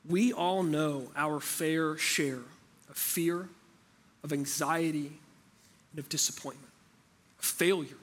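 Husky-voiced male pastor preaching. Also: on the high side, steady tone, slow pace, long pauses, a bit bright. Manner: conversational preaching, rhetorical questions. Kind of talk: sermon.

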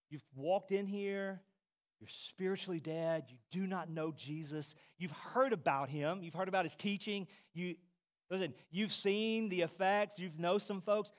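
A man with a high-pitched voice preaching a sermon at an unhurried, deliberate pace. He speaks straight to his congregation and repeats key phrases for weight. His voice moves between hushed, low passages and loud, ringing cries. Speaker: pastor.

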